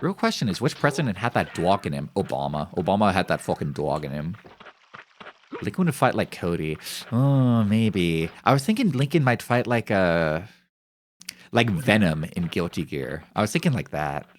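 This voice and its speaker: Male streamer, young adult, low voice, lively intonation, crude joking banter. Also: moderate pace, slight background noise. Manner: joking, rambling, profane banter. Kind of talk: casual chat on a live stream.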